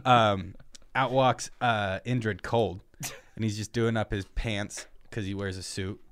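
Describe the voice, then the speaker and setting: A man's voice: fairly low pitch, steady tone, unhurried, a bit bright, slight background noise. A man improvising a comedic story on a podcast, casual and hesitant, full of "uh" and "like". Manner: casual, hesitant, lots of "uh" and "like", acts out quotes. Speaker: podcast co-host.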